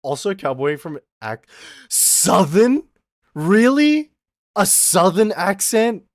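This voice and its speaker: Lively, slow-talking male streamer. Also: high voice, no room sound, clean studio sound. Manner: rambling, playful, talks to chat. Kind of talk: casual live-stream chat.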